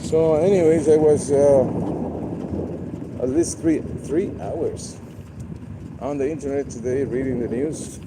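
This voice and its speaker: Slow, rambling man with street noise. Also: mid-range voice, steady tone. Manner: rambling, repeats words, many fillers. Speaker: livestream host. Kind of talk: casual live-stream monologue.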